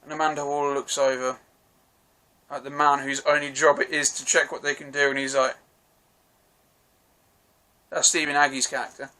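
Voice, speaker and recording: A man's voice: medium pitch, little pitch movement, moderate pace, long pauses, pushed and bright. A man giving a casual, rambling film review, swearing freely and restarting his sentences.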